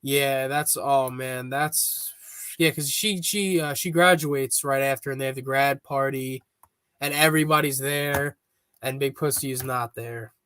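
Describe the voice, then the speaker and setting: A man talking as a podcast guest in a casual, rambling chat, restarting his sentences often and getting excited. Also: medium pitch, a little slow, clean tone, dry recording.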